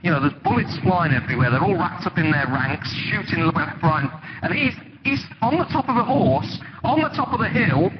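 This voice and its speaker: A man preaching a sermon in a church, conversational and animated, telling stories with sudden dramatic emphasis. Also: high-pitched, normal speed. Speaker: pastor. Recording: dull, lo-fi with loud background noise.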